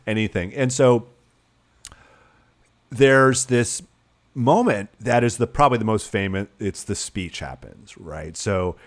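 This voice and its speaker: A man with a somewhat low voice co-hosts a casual podcast chat. He tells long, rambling stories, restarting and trailing off, with the odd curse. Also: unhurried. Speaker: podcast co-host.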